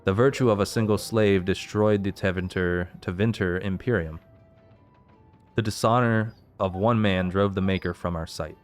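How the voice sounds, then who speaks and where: A man with a low, smooth, resonant voice reads fantasy game lore aloud as a let's play host. He keeps a steady reading pace and pauses to work out the pronunciation of unfamiliar names, with game music faint behind him.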